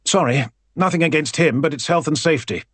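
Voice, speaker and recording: A man's voice: on the high side, brisk, fairly bright tone, breathy edge, no room sound, voice pushed up. A man playing a flustered new editor. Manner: flustered, trying to sound firm.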